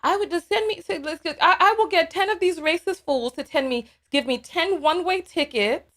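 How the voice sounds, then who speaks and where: A woman hosting a live call-in stream, reading viewer messages aloud and commenting in an animated, sassy way. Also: very high voice. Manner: animated, sassy, quick to laugh. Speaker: live call-in show host.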